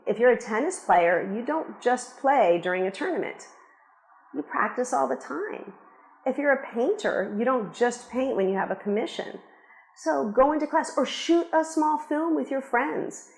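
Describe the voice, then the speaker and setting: A middle-aged woman, an acting teacher, giving frank, encouraging career advice straight to camera in a conversational way. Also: mid-range voice. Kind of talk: direct-to-camera advice talk. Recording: roomy echo.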